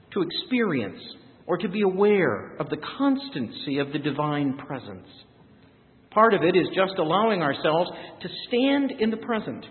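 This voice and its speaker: A man delivers an earnest, reflective sermon in a slightly high voice that swings widely between bright rises and soft, hushed drops. The sound is thin and tinny, like a phone line. A long reverb trails each phrase. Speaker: preacher.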